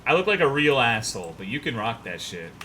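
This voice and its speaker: A man's voice: mid-range voice, big pitch swings, a little fast, bright, forceful tone, slight background noise. A young man streaming a game, chatting loosely and profanely, rambling and reading chat messages aloud. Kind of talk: casual gaming stream chat.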